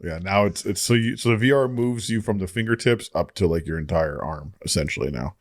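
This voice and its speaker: A man's voice: low-pitched, animated, brisk. A man in his thirties, podcast co-host, chatting in a laid-back, teasing way and laughing often. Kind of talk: casual chat.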